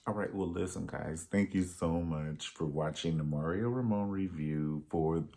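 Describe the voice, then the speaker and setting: A man's voice: deep voice, measured pace, warm tone. A man reviewing a reality show in a sassy, campy, casual chat. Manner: sassy, campy, dramatic swings in tone.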